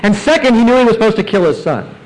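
Guy preaching a sermon, kinda high voice, gets all emphatic. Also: fast talker, low-quality recording. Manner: emphatic, rising to bursts of excitement. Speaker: pastor.

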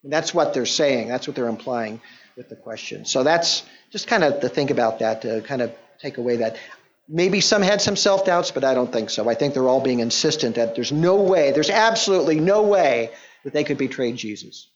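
A man's voice: medium pitch, animated, moderate pace. Guy teaching a bible passage, talks it through casually, kinda dull muffled sound. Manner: conversational, explanatory, with restarts and quoted voices. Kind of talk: sermon, verse-by-verse Bible teaching.

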